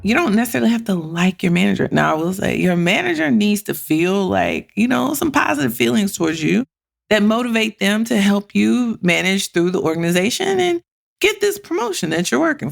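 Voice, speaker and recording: On her solo career podcast, a woman with a creaky, mid-range voice chats at normal speed. She is blunt and animated, curses freely, and keeps voicing her own inner thoughts aloud as quotes.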